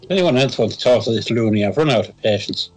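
A man speaking in character at a tabletop game, dry and sarcastic, at a middle pitch. Faint music plays behind him. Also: animated, quick pace, a little mellow. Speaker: player.

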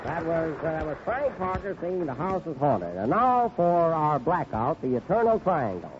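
A man's voice: on the high side, sing-song, normal speed. A man hosting a 1930s radio comedy show, introducing the acts with dry wisecracks. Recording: tinny, hissy 1930s radio broadcast.

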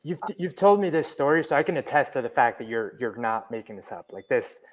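A man's voice: medium pitch, sing-song, a little fast. A man co-hosting a podcast, explaining his points earnestly and repeating them, with a frequent "like". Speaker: podcast co-host. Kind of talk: casual podcast chat.

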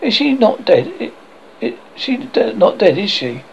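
A man's voice: high-pitched, big pitch swings, measured pace, gravelly, highs cut off, a little hiss or hum, pitched above the performer's own voice, full character voice. A man voicing a curious, cheerful young twin boy full of questions.

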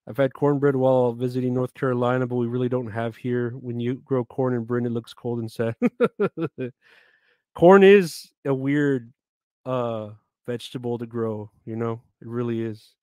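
A man's voice: mid-range voice, normal speed, warm tone, dry recording. Easygoing guy rambling on his live stream, cussing a lot, dry close sound. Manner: laid-back, rambling, swears often, reads out chat names. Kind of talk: casual live-stream chat.

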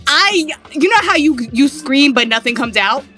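A young adult woman co-hosting a podcast in casual chat, playful and teasing, blunt and quick to swear. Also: sits high, animated, bright, forceful tone, soft background music. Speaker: podcast co-host.

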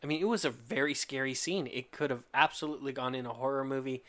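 A man co-hosting a casual movie podcast, animated and often laughing. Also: medium pitch, quick pace. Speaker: podcast co-host.

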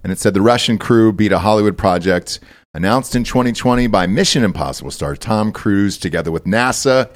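Guy hosting a joke news podcast, kinda low voice, rambly and crude, deadpan. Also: brisk. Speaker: show host. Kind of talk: comedic news podcast banter. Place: studio.

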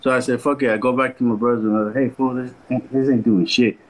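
A man's voice: mid-range voice, fairly even intonation, fast talker, rough recording. A young man casually telling a long story on a podcast, swearing a lot and acting out what everyone said. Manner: laid-back slangy storyteller, quotes people in voices.

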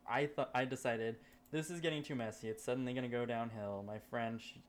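A man in a casual podcast chat tells a story with lively, profane energy. His pitch sits in the middle range. A faint noise hums behind him. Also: fairly quick. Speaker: podcast co-host.

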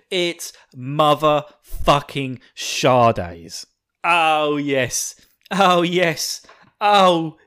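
A man hosting a podcast, chatting in a rambling, excitable way with laughs and swearing. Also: a little high. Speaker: podcast host. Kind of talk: casual podcast chat.

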